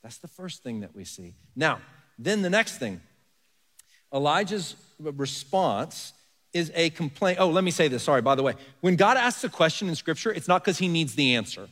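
A man's voice: a little high, big pitch swings, normal speed, fairly bright tone. A man preaching a conversational sermon as pastor. He asks the congregation rhetorical questions and leans hard on key words. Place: church sanctuary. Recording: long reverb of a large hall.

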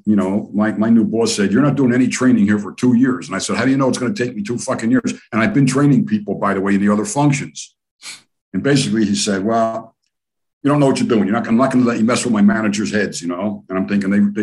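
Profane rambling older man telling stories. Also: fairly low pitch. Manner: profane, rambling, animated storyteller. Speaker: guest. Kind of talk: casual storytelling interview.

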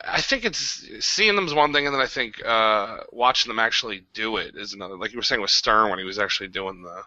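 A man's voice: fairly low pitch, fairly quick, sharp tone, no echo, highs cut off. A man in his thirties from New Jersey, a podcast guest chatting casually and easily, full of fillers. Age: 30s. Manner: easygoing, filler-heavy, laughs along.

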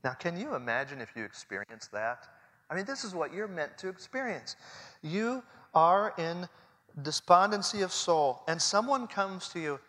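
A man in his forties preaching a sermon earnestly, swinging between hushed and loud passages. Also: on the high side. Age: 40s. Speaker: pastor. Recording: long hall reverb.

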